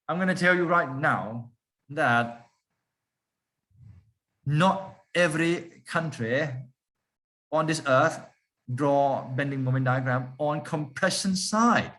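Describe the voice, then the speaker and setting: A man's voice: fairly high pitch, fairly bright tone. A man lecturing a class, often stopping to put questions to the students and repeating key points for emphasis.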